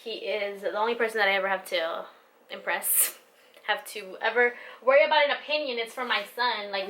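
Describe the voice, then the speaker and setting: A woman's voice: mid-range voice, normal speed, sharp tone, slight background noise. A young woman, a vlogger and new mother, talking candidly and from the heart to camera, swearing casually and filling her talk with "like" and "you know". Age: young adult.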